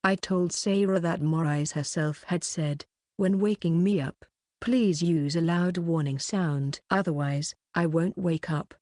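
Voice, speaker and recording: A woman reading a light novel audiobook as narrator, in a steady, even delivery that reads the dialogue plainly. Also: fairly low pitch, measured pace, no room sound, clean studio sound. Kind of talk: scripted narration.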